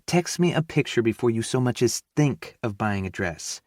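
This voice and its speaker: A man's voice: medium pitch, lively intonation, darkish tone, no room sound, studio quality, pitched above the performer's own voice, lightly acted. A man voicing a teasing, affectionate middle-aged mother with a Southern drawl. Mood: amused. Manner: drawn-out, playful teasing.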